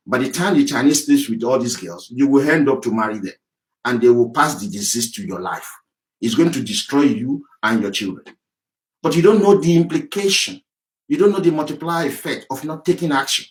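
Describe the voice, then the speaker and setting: A man delivers an impassioned campaign monologue. His pitch sits in the middle range for a man. He hammers his points with repetition and now and then climbs into a shout. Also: rough recording. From Nigeria (Yoruba). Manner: emphatic, repetitive, rising to shouts. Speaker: activist campaigner.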